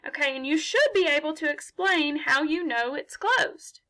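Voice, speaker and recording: A woman's voice: high-pitched, moderate pace, bright, forceful tone. A woman teaching a phonics lesson to young children from her laptop, patient and encouraging, posing questions and answering them herself. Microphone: laptop mic.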